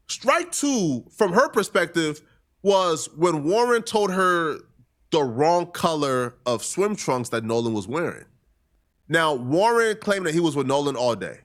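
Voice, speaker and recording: A man's voice: fairly high pitch, fairly bright tone. A man hosting a casual reaction stream, skeptical and slangy in his commentary. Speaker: commentary host.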